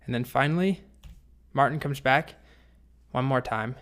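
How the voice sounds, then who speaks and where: A man's voice: medium pitch, normal speed. Playful man teaching coding. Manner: lively, playful storytelling. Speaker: programming instructor. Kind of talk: storytelling tutorial.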